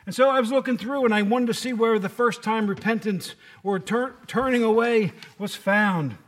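This lay preacher's sermon is chatty and full of jokes, and he frequently puts questions to the congregation. He speaks at a moderate pace in a high-sitting male voice.

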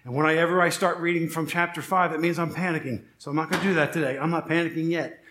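A middle-aged pastor with a notably high voice preaches to his congregation. He keeps it conversational, tossing rhetorical questions at the room and dropping light joking asides between points. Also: steady tone, fast, echoey room, noisy background. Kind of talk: sermon.

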